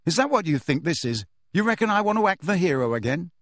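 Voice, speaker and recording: A man's voice: on the high side, very animated, fast talker, a bit bright, no room sound, studio quality, pitched above the performer's own voice. A man reading aloud and voicing an agitated teenage wizard boy who talks urgently and defensively.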